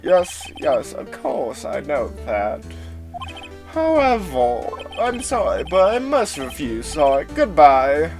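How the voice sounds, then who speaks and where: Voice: mid-range voice, huge pitch swings, takes it slowly, darkish tone, heavily acted. A fan voice actor playing a pompous, evasive older male lawyer who stammers, with a put-on accent that slips. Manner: stammering, old-fashioned formal. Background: music.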